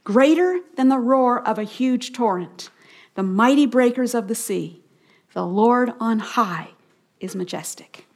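Middle-aged female Bible teacher, slightly high voice, program style with slow call-and-response lines. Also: a little mellow. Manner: slow call-and-response repetition of key phrases.

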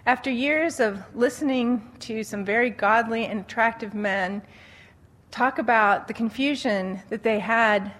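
A woman giving a conversational Christian teaching talk on dating, telling stories with animated quoted voices and frequent laughter. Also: a little high, unhurried. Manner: animated storytelling, acting out quotes, laughs often.

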